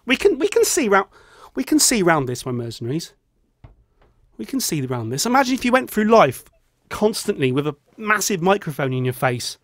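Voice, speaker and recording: A man talks in a loose, rambling vlog, joking as he goes while feeling ill. His voice sits fairly high and swings about a lot, and it often sinks into a low mutter on asides. The sound is close and dry. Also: huge pitch swings, moderate pace, a bit bright, no echo. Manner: rambling, jokey, drops into a low mutter on a catchphrase. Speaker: vlogger.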